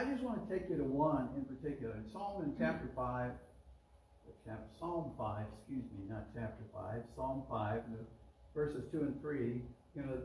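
A male pastor preaching in a loose, conversational way that climbs in pitch and force when he drives a point home. His voice rings with heavy echo and sits back from a distant microphone. A faint room hum runs underneath. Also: a little mellow. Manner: conversational preaching, rising emphatic on key words. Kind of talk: sermon. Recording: roomy echo, mic at a distance.

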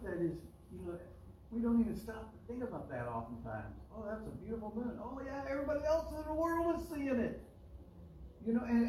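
A man with a mid-range, darkish voice preaches a sermon as pastor, conversational in tone and pushing his voice upward on stressed words. The mic sits at a distance in a roomy, echoing space, with a little hiss or hum.

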